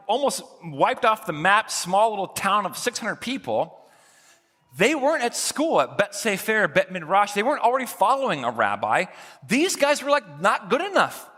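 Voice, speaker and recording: Man, pastor, sermon, high bright voice, husky edge, long church reverb. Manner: lively, casual storytelling, acting out quoted voices. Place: church sanctuary.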